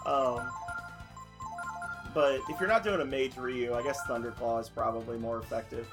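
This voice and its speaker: A man's voice: mid-range voice, steady tone, normal speed, over music. A man giving casual, playful and self-mocking commentary while playing a video game. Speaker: let's play host.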